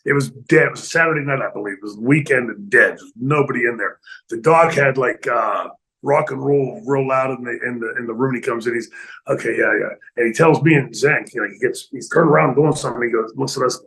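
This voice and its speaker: A middle-aged man casually telling stories in a studio interview, animated and laughing often, acting out other people's lines. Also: mid-range voice, brisk, rough recording. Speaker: retired pro wrestler guest telling stories. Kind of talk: casual storytelling in a podcast interview.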